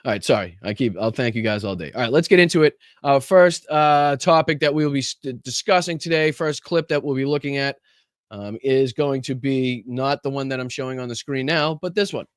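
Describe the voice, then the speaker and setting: A man's voice: medium pitch, brisk, smooth, no echo, clean studio sound. A man hosting a casual political livestream, talking with lots of ums and uhs and greeting viewers in the chat by name. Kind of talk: casual live-stream commentary.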